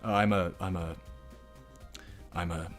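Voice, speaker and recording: A sheepish older man mumbles in a low, halting voice, as a man impersonates him in his game commentary. The voice sinks deep and quiet, stumbling over its words. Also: steady tone, faint music behind.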